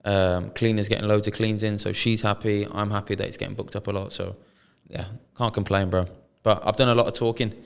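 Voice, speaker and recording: A man's voice: fairly low pitch, level tone, a little fast, creaky, few pauses, smooth, big-room sound. A British man co-hosting a podcast, telling a story in casual chat full of slang and swearing. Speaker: podcast co-host.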